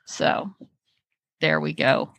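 A woman's voice: sits low, fairly even intonation, very slow, gravelly, a bit bright, dry recording. A woman co-hosting a casual podcast, chatting and reading listener mail aloud. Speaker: podcast co-host.

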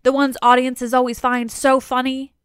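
A woman's voice: high voice, flat delivery, moderate pace, clear, resonant tone, dry recording, clean studio sound, pitched above the performer's own voice, close to an everyday voice. A woman voicing a petulant, wisecracking male servant who complains and jokes in a storytelling retelling. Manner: whiny, wisecracking. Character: petulant joking male slave with luggage.

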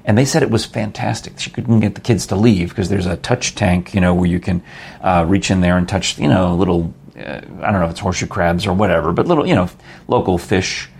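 A man's voice: low voice, a little fast, creaky, a little mellow, breathy edge. An older man hosting a casual chat show, chatty and jokey, rambling into asides. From New York. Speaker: podcast host.

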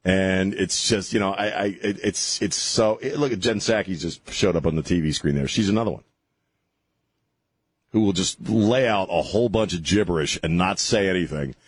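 Husky, ranting talk radio host. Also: male voice, low voice, normal speed, no room sound. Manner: ranting, sarcastic, restarts often. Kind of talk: opinionated talk radio monologue.

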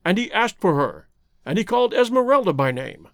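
A man voicing an earnest young gentleman, anxious and sober. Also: high-pitched, sing-song, a little fast, no echo, studio quality.

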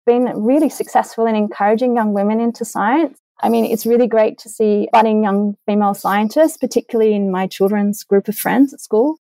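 Earnest woman scientist, mellow voice. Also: on the high side, no room sound, poor audio. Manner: earnest, frequent fillers and restarts, enthusiastic. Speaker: vaccine immunologist guest. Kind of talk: remote interview answers.

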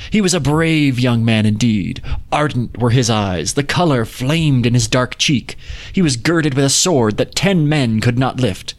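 A man reading an old fairy tale aloud in a measured, lyrical storybook manner. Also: mid-range voice. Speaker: narrator.

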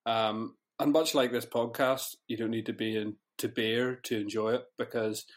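A man's voice: medium pitch, steady tone, normal speed. A man co-hosting a podcast in casual chat, enthusiastic and easygoing, often laughing. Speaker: podcast co-host.

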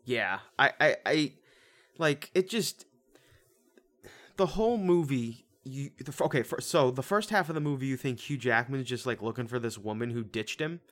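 A man's voice: medium pitch, animated, fairly bright tone. A man chatting loosely about a film. He stammers, restarts and drifts, with easy swearing thrown in. He has an ordinary mid-range voice. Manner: rambling, halting, swears casually. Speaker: podcast co-host. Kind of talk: casual movie review chat.

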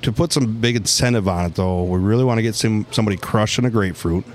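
A man co-hosting a podcast in casual chat, laid-back and joking, with quick agreeing replies. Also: on the low side, slight background noise. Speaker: podcast co-host.

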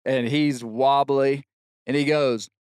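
Man, middle-aged, podcast storyteller, animated, smooth tone, dry close mic. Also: mid-range voice, slow pace, no room sound. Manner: animated storyteller, shouts quoted lines. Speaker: podcast host telling a story. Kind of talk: casual storytelling chat.

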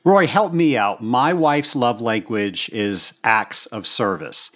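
A man's voice: mid-range voice, lively intonation, takes it slowly, fairly bright tone. A man hosting an interview, asking questions in a curious, inquisitive way. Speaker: interview host. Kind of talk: conversational interview.

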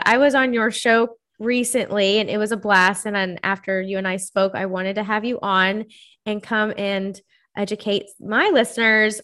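A woman's voice: mid-range voice, a bit bright. Woman, podcast host, bubbly, chatty, casual interview. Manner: bubbly, chatty, quick laughs.

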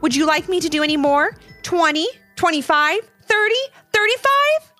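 A woman reading a children's storybook, voicing a bold, eager young girl who talks high and excited. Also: moderate pace, faint music behind.

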